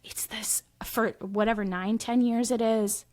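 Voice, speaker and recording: A woman's voice: on the high side, steady tone, measured pace, a little mellow. A woman guesting on a podcast, chatting casually and giving strong, emphatic opinions. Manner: emphatic, opinionated, self-described petty. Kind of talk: casual chat.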